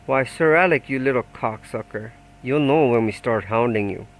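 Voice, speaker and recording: A man's voice: mid-range voice, normal speed, natural voice, low-quality recording. A man doing a taunting gangland enforcer. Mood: menacing. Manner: taunting, mock-friendly threats. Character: menacing male gangland debt collector. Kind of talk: audiobook character voice.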